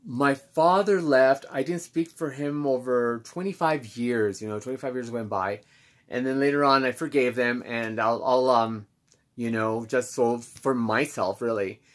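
A man speaking candidly as host of his own self-help channel, reflective and halting with many pauses and restarts. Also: mid-range voice. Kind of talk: candid personal monologue.

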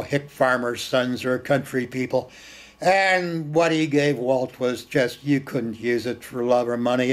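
A man hosting film screenings tells stories informally and with animation, repeating words for emphasis and slipping in blunt, earthy remarks. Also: mid-range voice. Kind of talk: informal storytelling talk.

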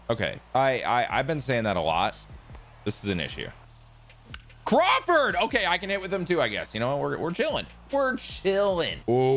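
A young man giving casual, excitable commentary on his own gameplay, jumping between loud outbursts and muttered self-deprecating asides. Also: medium pitch. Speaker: gaming YouTuber.

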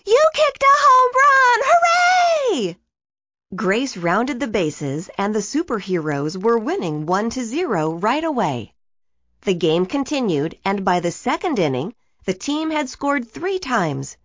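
A woman reading a children's storybook aloud in an expressive storytelling way. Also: mid-range voice, measured pace, no room sound. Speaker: narrator. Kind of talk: children's book read-aloud.

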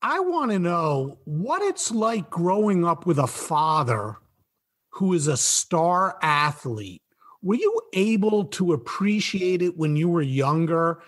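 A man's voice: fairly high pitch, big pitch swings, takes it slowly. A man hosting a podcast, asking earnest, probing questions. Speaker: podcast host. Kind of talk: interview questions.

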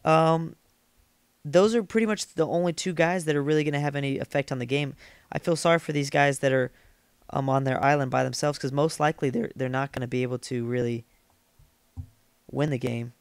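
A man's voice: on the high side, fairly even intonation, fairly quick, smooth, no echo. A man casually commenting while playing a strategy game, rambling and poking fun at himself as he thinks aloud. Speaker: let's play gamer.

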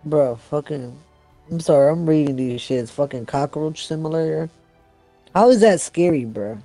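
A young man in casual gaming chat, easygoing and quick to laugh. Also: a little high, lively intonation, dark tone, soft background music. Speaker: gamer.

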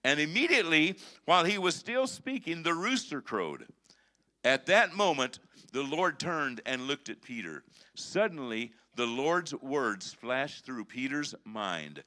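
A male pastor preaching a sermon, emphatic and conversational, with swings between quiet and intense. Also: on the high side, very animated, measured pace.

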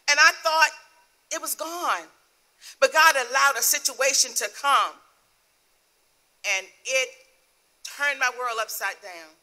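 Earnest woman minister giving testimony. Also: fairly high pitch. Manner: earnest, emotional storytelling with soft laughs. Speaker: guest minister. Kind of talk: sermon testimony.

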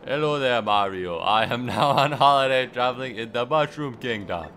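A man's voice: mid-range voice, expressive, normal speed, a bit bright, soft background music. A man reading as a gracious young princess. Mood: earnest. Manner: reading aloud in a lightly put-on voice.

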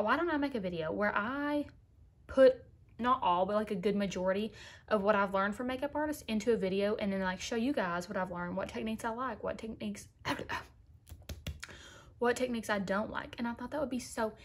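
A young woman talking casually to viewers in a makeup tutorial, chatty and sassy, calling them girl. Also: medium pitch. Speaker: beauty vlogger.

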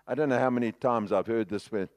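A man preaching a sermon with impassioned, dramatic swings between loud outbursts and hushed passages, with a South African accent. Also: mid-range voice, fast.

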